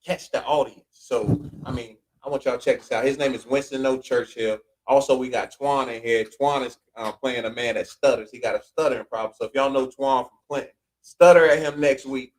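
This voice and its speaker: A man's voice: mid-range voice, fairly even intonation, fairly quick, few pauses, rough recording. Laid-back man hosting a podcast. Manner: laid-back storytelling, talks to listeners directly. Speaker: podcast host. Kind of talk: casual chat.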